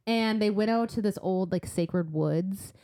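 A woman's voice: mid-range voice, unhurried, mellow, smooth. A woman co-hosting a podcast, chatting casually as she retells a book's plot, with plenty of "like" and "um". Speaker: podcast co-host. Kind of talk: casual book-club chat.

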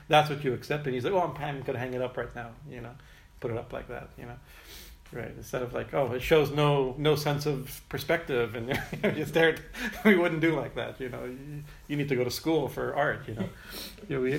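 A man's voice: medium pitch, vocal fry. A man teaching informally about worship prayers, rambling through restarts and asides, often chuckling and asking "right?". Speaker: spiritual teacher. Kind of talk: informal talk explaining prayers.

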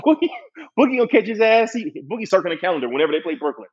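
A man rants about sports in a heated, profane way, his husky voice sitting a bit high and swinging widely in pitch. The recording is dull and lo-fi. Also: big pitch swings, very fast. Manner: profane, heated ranting with mocking quoted voices. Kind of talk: casual sports chat.

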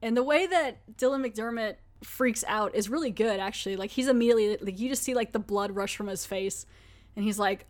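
A woman with a medium-pitched voice speaks fairly quickly while hosting a podcast, recapping and reviewing a TV episode. She's chatty and full of fillers, acting out quotes as she goes.

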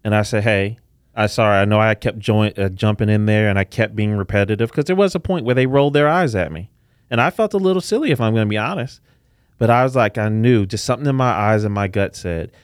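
A man's voice: on the low side, no echo, studio quality. A man co-hosting a therapy podcast, sharing a session story in a candid, reflective way. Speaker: podcast co-host, couples therapist. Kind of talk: casual podcast talk.

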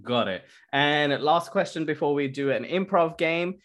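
A man hosting an interview podcast, moving briskly from question to question and game to game. He keeps his replies short and gets straight to the next prompt. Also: on the high side, fairly bright tone. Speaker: podcast host. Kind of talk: casual interview.

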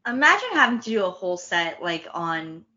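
Podcast co-host, female, lively pitch swings, dry humor, muffled lo-fi sound. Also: fairly quick. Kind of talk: casual chat.

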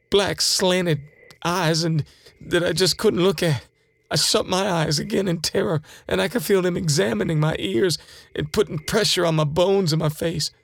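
Brief: male actor as a gravelly, frightened abductee; slightly high voice, dry close recording. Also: no room sound. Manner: shaken, pleading first-person retelling. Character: terrified man recounting an alien examination. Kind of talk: dramatized first-person account.

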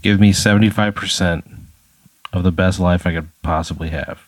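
A man's voice: low-pitched, steady tone, moderate pace, no room sound. A man as podcast co-host, reacting in exasperated, swearing banter. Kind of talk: comedic banter.

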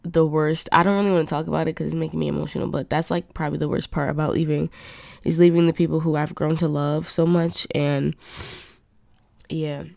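A woman's voice: low-pitched, level tone, fairly quick, vocal fry, darkish tone, dry recording, studio quality. A young adult woman hosting her own podcast, chatting candidly in a rambling way with lots of fillers. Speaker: podcast host. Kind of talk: casual solo podcast chat.

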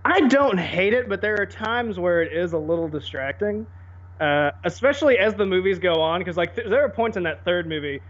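A man co-hosting a podcast in casual chat, animated and quick to laugh and put on voices. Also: sits high. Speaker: podcast co-host. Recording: dull lo-fi audio.

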